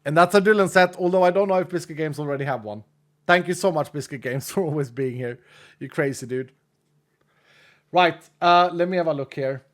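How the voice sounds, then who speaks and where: A man's voice: a little high, fairly quick, a bit bright. A man in his late thirties, a streamer chatting casually with viewers and reading their messages, gushing and emotional and laughing often. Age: late 30s.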